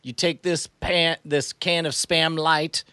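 A man voicing a swaggering male warlord who leads a chimp army, speaking in a fake Southern drawl with slow, grandiose villain speeches. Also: on the high side, level tone, sharp tone, smooth, dry recording, studio quality. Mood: menacing. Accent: put-on fake Southern drawl.

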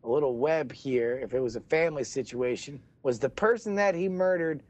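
A man doing comedic improv, firing off jokey questions in quick banter. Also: medium pitch, a little mellow. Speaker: improv player.

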